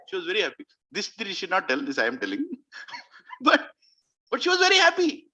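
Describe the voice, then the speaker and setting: A man preaching, telling a sacred story in an animated way and asking his audience questions. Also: high-pitched, a little fast, pauses often, muffled recording. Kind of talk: storytelling sermon.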